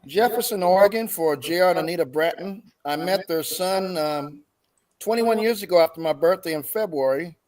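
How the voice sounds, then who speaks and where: A talk show guest, a man with a Southern American accent and a fairly high voice. He talks in a folksy, exclamatory way and drifts into preaching. His tone is loose and lively. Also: moderate pace. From Southern California. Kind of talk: casual talk show banter.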